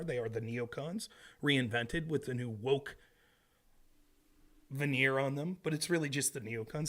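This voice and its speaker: A man's voice: mid-range voice, normal speed. A man hosting a solo political commentary show, from the United States, talking with a sarcastic, mocking edge. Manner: sarcastic, mocking impressions, grows loud and animated.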